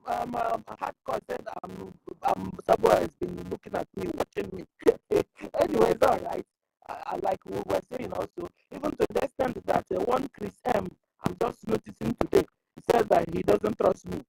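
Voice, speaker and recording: Gravelly man speaking from a distance. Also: high-pitched, darkish tone, no echo. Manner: halting, repeats himself, asks "you understand?". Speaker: speaker in an online audio meeting. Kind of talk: rambling spoken complaint.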